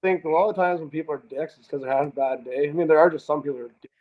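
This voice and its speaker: A guest artist with a Canadian accent speaks in a casual video call interview, laid-back, swearing freely and stumbling over restarts. His voice is fairly high and rapid-fire, and the call audio is muffled and lo-fi.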